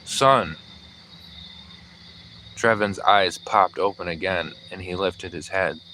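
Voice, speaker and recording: A man narrating an audiobook in a measured, even storytelling manner. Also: low voice, a little hiss or hum, poor audio. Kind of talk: scripted narration.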